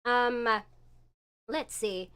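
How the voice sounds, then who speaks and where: A woman's voice: a little high, extremely slow, a bit bright, clean tone. A woman in her twenties, a streamer and comic creator, chatting casually and rambling with many fillers. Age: 20s.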